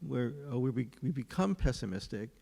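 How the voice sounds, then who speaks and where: A man's voice: mid-range voice, expressive, brisk, vocal fry, mellow, husky. A man in a class discussion, speaking hesitantly and reading a passage aloud. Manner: hesitant, many fillers and restarts. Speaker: class participant. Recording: reverberant hall.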